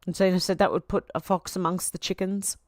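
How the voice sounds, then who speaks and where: A middle-aged Australian woman hosting a livestream at home, reading viewer comments aloud in a chatty, quick run while teary and sniffling. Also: lowish voice, level tone, no room sound, studio quality. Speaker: livestream host reading chat.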